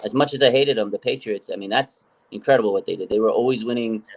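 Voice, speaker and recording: A man's voice: on the low side, fast. A man hosting a casual sports podcast, rambling through his points with lots of fillers. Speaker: podcast host.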